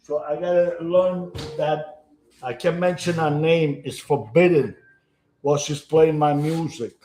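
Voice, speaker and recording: A man's voice: fairly high pitch, fairly even intonation, unhurried, warm tone, roomy sound, slight background noise. Chatty Italian-accented man cooking. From Italy. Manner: rambling, chatty, broken English, talks while cooking. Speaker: home cooking show host. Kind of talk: casual cooking chat to camera.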